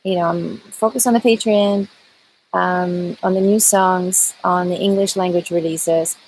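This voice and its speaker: A woman's voice: fairly low pitch, fairly even intonation, a little slow, darkish tone, slight background noise, poor audio. A woman singer chatting casually with viewers on a live stream, greeting them by name and talking with lots of fillers. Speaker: singer hosting a live chat.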